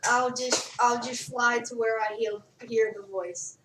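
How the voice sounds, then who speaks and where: A woman's voice: on the high side, steady tone, measured pace, noisy background. A woman playing a tabletop game, speaking briefly and matter-of-factly. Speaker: player. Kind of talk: casual tabletop play. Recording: echoey room, far from mic.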